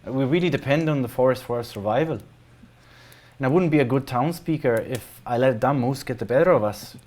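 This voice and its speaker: A man's voice: mid-range voice, brisk, darkish tone, close to an everyday voice. A man voicing a friendly, chatty halfling woman who leads her town, with a Scottish accent and a welcoming manner. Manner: chirpy, welcoming.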